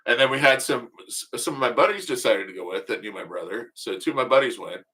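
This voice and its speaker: Bright-voiced man telling stories. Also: mid-range voice, lively intonation, quick pace. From United States. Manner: rambling, profane, joking storyteller. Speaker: livestream host. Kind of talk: casual storytelling livestream.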